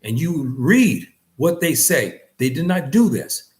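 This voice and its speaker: A man teaching a lesson on faith in an earnest lecture style, repeating phrases and rising in pitch on key points. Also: very animated, slow pace. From West Africa. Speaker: religious teacher.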